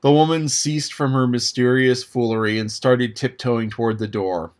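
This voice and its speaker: A man narrating a classic novel aloud as an audiobook reader, in a measured, even manner. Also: mid-range voice. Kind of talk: scripted narration.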